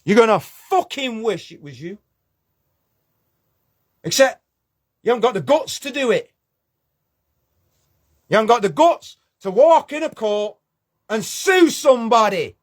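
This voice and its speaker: Man, furious rant, swearing, high-pitched, lively pitch. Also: a little slow, long pauses. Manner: swearing, confrontational ranting. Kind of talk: angry video rant.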